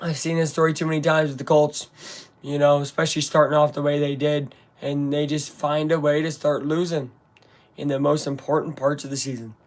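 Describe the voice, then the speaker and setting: A man with a slightly high voice and a level tone calls a game play by play at a fairly quick pace. As a fan watching along, he rambles casually and lets his frustration show.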